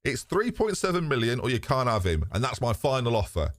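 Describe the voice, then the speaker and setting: Male streamer, mid-pitched, very expressive, casual and sweary, dry close sound. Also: a little fast, no room sound. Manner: animated, talks to chat, swears casually. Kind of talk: live gameplay commentary.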